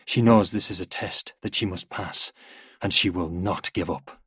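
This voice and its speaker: A man narrating a dark story in a slow, hushed, somber manner. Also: low-pitched, breathy edge, no room sound, studio quality. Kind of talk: scripted narration of war fiction.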